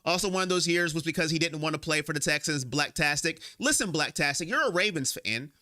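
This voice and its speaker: A man's voice: on the high side, animated, fairly quick, sharp tone. A man hosting a sports fan live stream, emotional and rambling as he vents and talks straight to viewers on his own microphone.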